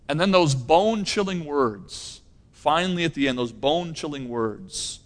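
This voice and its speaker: A male pastor delivers a sermon in a fairly high voice, pressing his points with repeated phrases. He moves between forceful, raised lines and quiet, hushed ones. His voice carries a long reverb from a church hall. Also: animated, moderate pace. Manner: emphatic, repeats key phrases, swings between loud and hushed.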